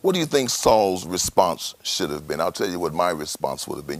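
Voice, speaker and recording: A man's voice: sits low, very animated, moderate pace, hardly any pauses, no room sound. A man preaching a sermon as pastor, dramatic, with rhetorical questions.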